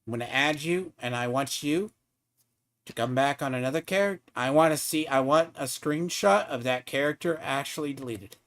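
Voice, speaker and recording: A man's voice: mid-range voice, moderate pace, fairly bright tone. A man streaming a game, ranting at another player in a profane, taunting, mocking way. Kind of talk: heated live-stream rant at a player.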